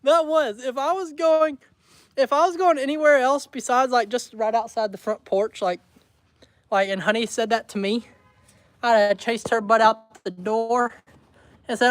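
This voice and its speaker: A man's voice: very high voice, fairly even intonation, normal speed, dry recording. A man chatting casually on a home livestream, rambling and laughing often as he talks to his viewers. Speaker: homestead vlogger. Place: indoors at home.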